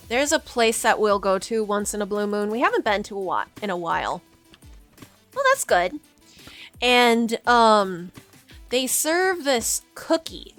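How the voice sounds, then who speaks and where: Bright, lively woman chatting on stream. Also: on the high side. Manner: chatty, giggly, rambling with frequent restarts. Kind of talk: casual livestream chat with chat.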